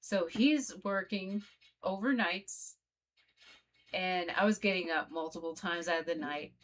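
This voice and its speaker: Woman vlogger, slightly low voice, casual storytelling straight to camera. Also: a little slow, fairly bright tone. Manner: conversational, addresses viewers directly.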